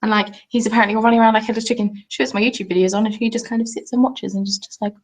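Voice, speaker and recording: A woman's voice: fairly high pitch, fairly even intonation, rapid-fire. A young woman rambles cheerfully through a home live stream. She chats off the cuff, trails off and restarts, and keeps stopping to answer viewers' comments. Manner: chatty, rambling, reads out and answers chat comments. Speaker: craft YouTuber.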